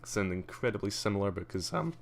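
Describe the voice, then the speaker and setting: A man's voice: on the low side, brisk. A man with a Scottish accent that carries a slight posh edge, chatting casually and drily while streaming a game. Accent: Scottish with a slight posh English tinge. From Scotland. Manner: chatty, dry, self-mocking. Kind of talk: casual livestream commentary.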